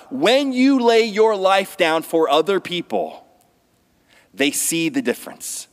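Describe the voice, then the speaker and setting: High-voiced pastor preaching in a reverberant hall. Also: male voice, big pitch swings, a little slow. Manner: conversational preaching with restarts and rising emphasis. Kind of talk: sermon. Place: church sanctuary.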